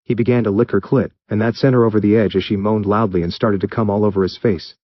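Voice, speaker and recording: A man with a low voice reads a story aloud in steady, even narration. The recording is dull and muffled, with a dry, close sound and no room echo. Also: fast talker. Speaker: story reader. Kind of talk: reading fan fiction aloud.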